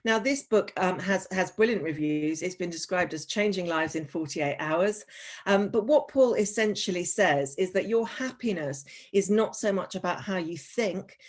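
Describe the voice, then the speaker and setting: Woman, low voice, webinar presenter, chatty, frank, many ums and restarts. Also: moderate pace. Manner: lightly sarcastic asides. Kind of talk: presenting a teacher wellbeing webinar.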